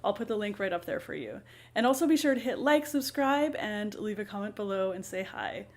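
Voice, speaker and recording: Woman esl teacher host, relaxed chatty explainer, lots of ums, medium pitch. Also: fairly quick.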